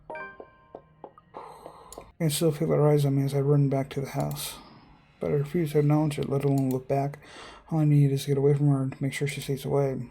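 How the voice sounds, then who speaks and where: A man reading a visual novel aloud as narrator, steady with small slips and casual asides. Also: a little high. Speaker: let's-play narrator.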